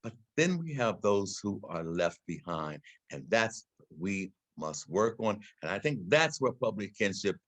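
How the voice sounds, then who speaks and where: A man's voice: fairly low pitch, sing-song, a little slow, no echo. An older man giving an impassioned, preaching talk to guests in a house gallery, repeating words as he builds to emphatic peaks. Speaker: invited speaker. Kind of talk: impassioned address.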